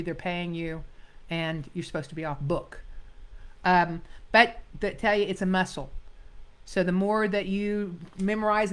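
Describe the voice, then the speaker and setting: A middle-aged woman acting coach leading a script analysis class, talking emphatically and acting out quoted lines. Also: on the low side. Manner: animated, emphatic teaching with quoted line readings.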